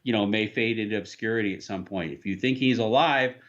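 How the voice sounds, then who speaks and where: Bright, joking male livestream host. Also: fairly low pitch, a little fast, dull audio. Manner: rambling, jokey, reads viewer comments aloud. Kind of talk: casual livestream chat.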